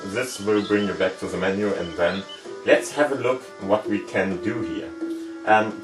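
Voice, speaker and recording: A lower-voiced man talks through a point-and-click adventure, stopping often with "um" and "more or less" as he explains each button. He sits a bit back from the mic in an echoey room, and game music plays steadily behind him. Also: far from the mic. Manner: loose, explanatory, lots of hedging fillers. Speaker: gaming channel host. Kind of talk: let's play commentary.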